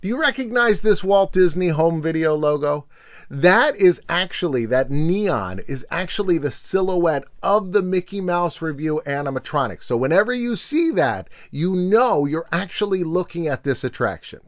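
A man hosting a nostalgia video, chatty and animated, reading a storybook aloud with commentary. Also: fairly high pitch, moderate pace, no echo, clean studio sound. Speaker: video host.

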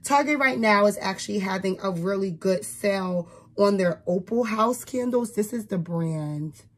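Her voice is medium in pitch and her pace moderate as this young New Jersey teacher vlogs about the gifts she bought. The talk is casual and thick with "like" and "um."

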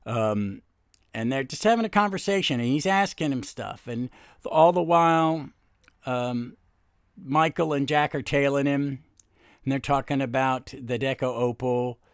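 A man's voice: mid-range voice, unhurried, smooth, no room sound, studio quality. A man hosting a comic book podcast, chatting casually and rambling with many fillers and restarts. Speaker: podcast host.

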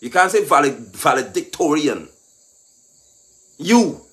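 A man delivers a scolding political monologue in a high, very lively voice. He mocks and lectures, pushing up into shouts. Faint insect noise sits behind him. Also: moderate pace. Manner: mocking, lecturing, rising to shouts. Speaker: political commentator.

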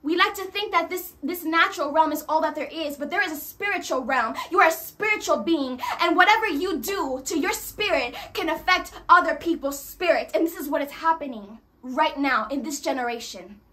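A woman preaching a sermon, animated and acting out quoted voices as she addresses the congregation. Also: sits high, a little fast, few pauses.

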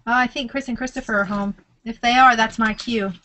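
High bright chatty woman. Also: steady tone, brisk, poor audio. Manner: chatty, laughs often, squeals when startled. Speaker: crafting vlogger. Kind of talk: casual craft vlog. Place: home craft room.

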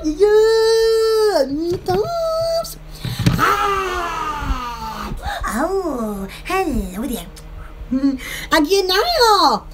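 A bubbly woman chats casually about her shop and her day, giggling as she goes. Her voice sits very high and swoops all over the place. Faint background noise runs under the recording. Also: fairly bright tone. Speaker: online shop host. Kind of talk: casual rambling chat.

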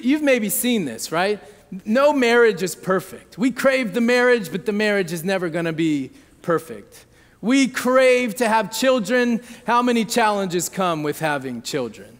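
Guy pastor in his 30s, high voice, chatty sermon, lots of "okay?" and "right?", echoey church hall. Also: fairly bright tone. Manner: conversational storytelling with frequent check-ins to the audience. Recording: long hall reverb.

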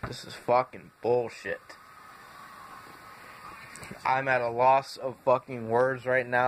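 Young man, bright forceful voice, angry profane rant to camera, faint room noise. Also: mid-range voice, level tone, slow, pauses often. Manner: swearing constantly, exasperated. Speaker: wrestling fan vlogger.

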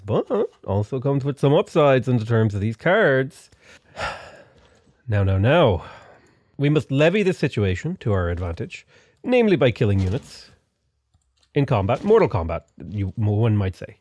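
A man's voice: medium pitch, no room sound, studio quality. A young man commenting casually on a strategy game he is playing, joking and getting exasperated. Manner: animated, exasperated, jokey. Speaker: gaming YouTuber.

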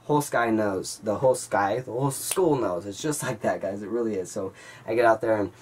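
Fast-talking young man telling a story. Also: on the low side, recorded from a distance, a little hiss or hum. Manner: animated, talks to viewers as "guys". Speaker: vlogger. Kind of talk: storytelling vlog.

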